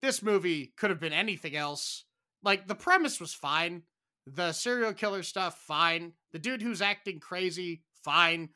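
A man co-hosting a podcast in casual chat, animated and given to exaggerated, dramatic outbursts. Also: high voice, a little slow. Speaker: podcast co-host.

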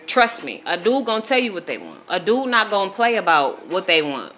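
A woman's voice: medium pitch, sing-song, fairly quick, few pauses, fairly bright tone, faint music behind. A woman around forty talking unscripted on a live stream, giving blunt, profane advice straight to her viewers. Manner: blunt, profane, preachy, addresses viewers directly.

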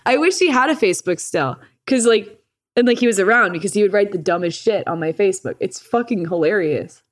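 A woman's voice: on the low side, animated, moderate pace. Woman telling a story casually, swearing freely. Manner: profane, laughs often, acts out quoted lines. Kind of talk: casual chat.

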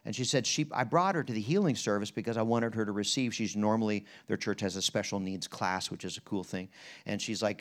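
Animated low-voiced man preaching a sermon. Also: fairly quick. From Pennsylvania, US. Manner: animated, jumps between quiet and loud in retelling, folksy asides; leads the room in prayer, asks listeners questions. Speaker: guest preacher. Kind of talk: conference sermon with storytelling.

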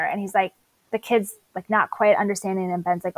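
A woman's voice: mid-range voice, steady tone, fairly quick, dry recording, rough recording. A woman co-hosting a casual podcast, recapping a TV episode in a chatty way and acting out bits of dialogue. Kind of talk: casual chat.

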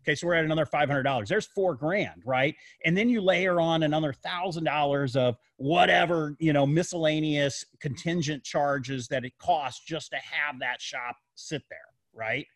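A man's voice: fairly high pitch, moderate pace, hardly any pauses, no echo. Emphatic man, dry close sound. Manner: emphatic, repeats words, asks rhetorical questions. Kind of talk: casual podcast discussion.

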